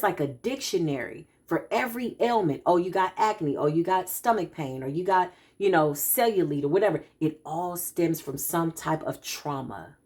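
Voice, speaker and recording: A woman, a spiritual practitioner speaking to her followers in an animated, emphatic, preacher-like way. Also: lowish voice. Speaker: spiritual practitioner giving a card reading.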